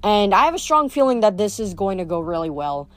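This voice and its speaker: A woman's voice: mid-range voice, very animated, brisk, no room sound. A woman hosting a podcast, reading a novel aloud and then signing off casually with fillers and restarts. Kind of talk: read-aloud narration and casual sign-off.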